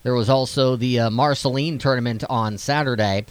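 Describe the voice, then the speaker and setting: Male sports radio host, middle pitch, chatty recap-then-question manner, dry close mic. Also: fairly even intonation, moderate pace, clear, resonant tone, no echo. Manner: conversational, leading questions with recaps. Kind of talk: radio interview.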